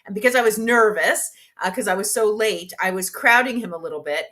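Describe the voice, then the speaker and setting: A woman author, a guest on a podcast, telling an anecdote in a lively, self-deprecating way. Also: medium pitch, brisk. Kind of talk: casual storytelling in an interview.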